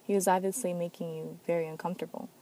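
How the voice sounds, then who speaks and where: A woman's voice: lowish voice, flat delivery, fast talker, warm tone, slight background noise, lightly acted. A woman voicing an earnest, protective male officer in a story reading, speaking with concern.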